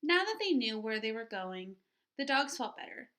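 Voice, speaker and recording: A woman teacher reading a children's picture book aloud with expression, pausing to ask her listeners questions. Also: a little high, sing-song, a bit bright.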